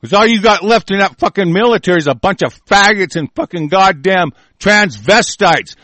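A man's voice: sits high, fairly bright tone, no room sound. A man hosting a talk radio show, delivering a furious, profane, threatening tirade. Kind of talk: angry on-air rant.

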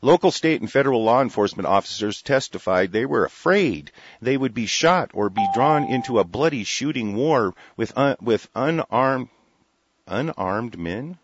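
A man's voice: mid-range voice, lively intonation, normal speed, husky. A man reading a news article aloud and breaking off into heated, profane rants about it. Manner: profane, heated, interrupting his own reading to rant. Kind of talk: reading an article with angry commentary. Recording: dull lo-fi sound.

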